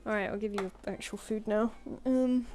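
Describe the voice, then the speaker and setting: A British woman chats loosely on a home live stream, with a mellow, soft-edged tone. She coos at her cat and gives it little commands between asides to her viewers. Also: mid-range voice, steady tone, moderate pace, soft background music. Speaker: artist streamer. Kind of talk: casual live-stream chat. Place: home room.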